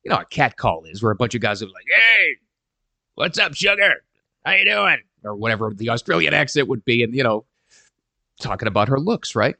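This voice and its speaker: A middle-aged man giving casual advice to camera, animated and emphatic. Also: lowish voice, quick pace, creaky, no room sound. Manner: animated and emphatic, quoting people in voices. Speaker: parenting advice vlogger.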